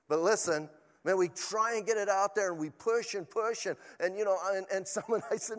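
A man's voice: high voice, fairly quick, long reverb tail. An older man, a pastor, preaching a sermon in a chatty, storytelling way with asides to the congregation.

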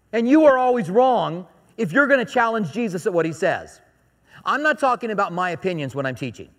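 A man with a high voice preaching a sermon, his words ringing with long reverb through a big church hall. He keeps it conversational and joking, repeating his key points for emphasis. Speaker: pastor.

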